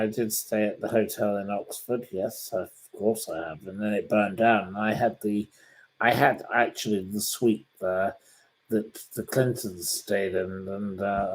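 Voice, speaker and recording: Slow, rambling man. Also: on the low side, steady tone. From England, Derbyshire. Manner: slow, rambling, answers questions with ums and dry put-downs. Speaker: livestream host reading viewer comments. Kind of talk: casual livestream chat.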